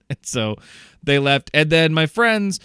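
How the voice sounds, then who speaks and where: A young man co-hosting a podcast, telling a story in a lively way, acting out the voices of the people in it and laughing often. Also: fairly high pitch, takes it slowly, clean tone, dry recording, studio quality. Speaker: podcast co-host. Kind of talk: casual storytelling chat.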